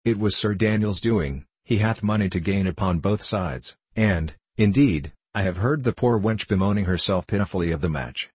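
Low, husky man reading a gentle runaway youth in an old storybook, pleading and archaic. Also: lively intonation, moderate pace, hardly any pauses, no room sound. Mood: earnest. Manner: pleading, old-fashioned speech. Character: timid gentle youth on the run, pious.

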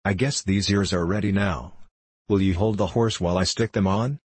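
Storybook voice of an impatient, clever boy, read by a man, deep, husky and dry. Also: steady tone, no echo. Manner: brisk and impatient. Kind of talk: storybook reading.

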